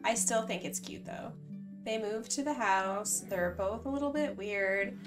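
Woman, casual game commentary, chatty and bubbly, distant mic, soft background music. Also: mid-range voice, measured pace. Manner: chatty, bubbly, self-correcting. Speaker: gaming channel host.

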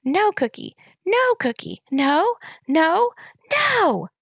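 A woman's voice: medium pitch, wildly swooping pitch, takes it slowly, creaky, fairly bright tone, husky, dry recording, clean studio sound, heavily acted. A woman voicing a stubborn toddler girl, shrieking and chanting through a tantrum. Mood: fussing.

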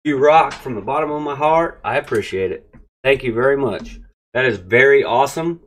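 A man hosting a casual card pack-opening vlog, excitable and gushing as he talks straight to his viewers. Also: medium pitch, moderate pace. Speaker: card-opening channel host.

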